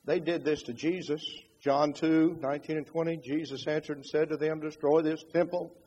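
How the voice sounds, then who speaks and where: A man preaching a sermon in an animated way, acting out quotes with changing loudness. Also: fairly high pitch, moderate pace, husky, in a large hall, lo-fi sound.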